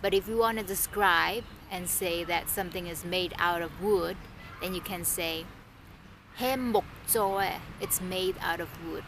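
A woman giving a casual language lesson, thinking aloud and repeating words slowly, with faint background noise. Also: on the low side, fairly even intonation. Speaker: language teacher vlogger.

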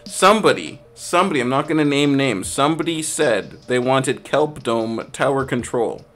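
A man with a mid-range voice hosts a live game stream in a loose, conversational way. He reads chat aloud, stumbles and restarts his sentences, and gets loud with play-by-play when the action heats up. Faint music plays underneath. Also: mid-range voice, moderate pace. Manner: excited play-by-play shouting during action. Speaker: streamer hosting private game lobbies. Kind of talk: casual live-stream commentary.

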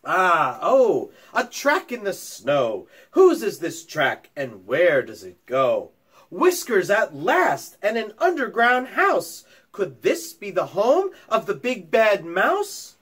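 A man's voice: high-pitched, huge pitch swings, takes it slowly, fairly bright tone, slightly rough, voice pushed up, heavily acted. A man voicing a timid but defiant young girl monster while reading a storybook aloud. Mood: wondering. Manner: wondering, storybook read-aloud.

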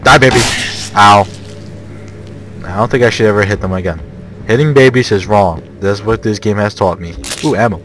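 A man giving jokey, panicky commentary while playing a horror game, often breaking into shouts. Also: lowish voice, normal speed, long pauses, faint music behind. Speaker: let's play gamer. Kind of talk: gameplay commentary.

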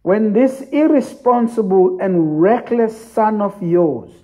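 A preacher voicing a resentful, loyal elder son who complains in an aggrieved tone. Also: male voice, high voice, lively intonation, slow pace, dark tone, pitched above the performer's own voice.

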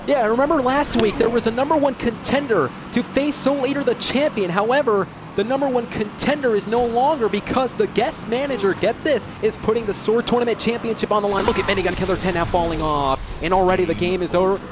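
A man's voice: very high-pitched, a little fast, hardly any pauses, noisy background. A man hosting and commentating a gaming show in a hype announcer style, teasing his guest. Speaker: host and commentator.

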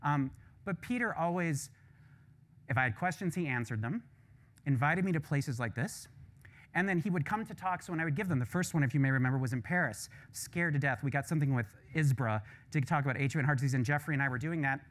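Male visiting professor, slightly higher voice, frank storyteller with casual asides. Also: expressive, fast talker, fairly bright tone. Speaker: visiting professor giving a lecture. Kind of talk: lecture closing remarks.

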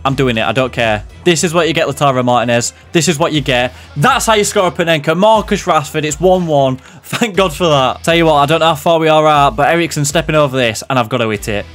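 A young man calls the action of a football video game as he plays it. His voice sits a little high, and he swings between loud excited outbursts and low muttered asides. Faint music plays underneath. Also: fast talker, hardly any pauses. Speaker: gaming commentator.

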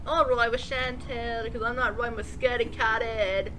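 A woman's voice: a little high, fairly even intonation, moderate pace, sharp tone, a little hiss or hum. A woman chatting casually while playing a life-simulation game, bossy and impatient with the others. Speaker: game player. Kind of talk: casual gameplay chat.

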